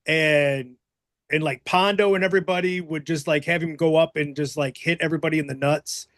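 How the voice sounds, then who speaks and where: A man with a somewhat high, steady voice hosts a podcast, chatting casually and rambling with plenty of fillers. He speaks briskly with a slightly bright tone, and the recording is studio quality with no room sound.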